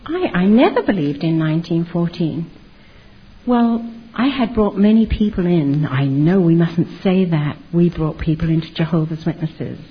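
Older woman, low husky voice, candid rambling testimony, muffled lo-fi recording. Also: animated, moderate pace. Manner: candid, rambling storytelling with restarts. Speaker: former Jehovah's Witness giving testimony. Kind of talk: personal testimony. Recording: dull lo-fi recording.

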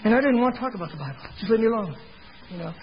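A middle-aged man with a notably high voice shares his conversion testimony with a congregation, folksy and conversational. He slips into other people's voices as he retells scenes. The recording is muffled and lo-fi, with a faint hiss underneath. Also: lively intonation, rapid-fire. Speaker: former door-to-door salesman giving testimony. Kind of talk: personal testimony told to a congregation.

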